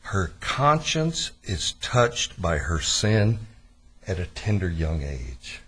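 A man preaching a sermon to his church, telling a story in a lively, deliberate way. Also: low voice, breathy edge. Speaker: pastor.

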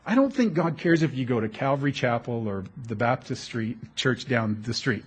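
A middle-aged man preaching a sermon as a pastor, telling animated, jokey stories with frequent restarts. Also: mid-range voice, moderate pace, few pauses, a little hiss or hum.

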